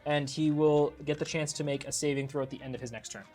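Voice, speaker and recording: A man running a live tabletop role-playing game as dungeon master, playful and quick to laugh, with faint music behind him. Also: a little high, fairly even intonation.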